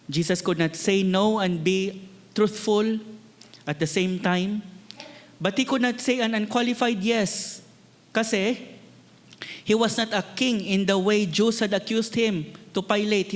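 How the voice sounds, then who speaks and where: A Filipino-accented man preaching an earnest sermon, his voice sitting a bit higher than most men's. He repeats key words to drive them home. A long reverb from the church hall trails behind each phrase. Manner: earnest preaching, switching between English and Tagalog, repeating words for emphasis. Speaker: pastor.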